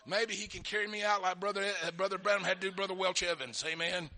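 A middle-aged man preaching a sermon, telling folksy stories and swinging from quiet asides to shouted fervor. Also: high voice, fairly even intonation, fast talker, vocal fry, hardly any pauses.

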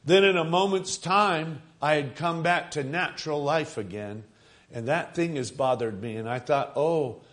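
A man preaching a sermon, retelling a story with dramatic slowing and rising for emphasis. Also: a little high, a bit bright.

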